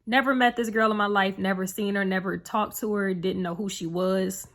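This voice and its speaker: A woman's voice: medium pitch, fairly even intonation, normal speed, a bit bright. Earnest young woman telling a heartfelt story. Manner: earnest, rambling, heavy with fillers; emotional, heartfelt retelling. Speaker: vlogger. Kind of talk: casual storytelling to camera.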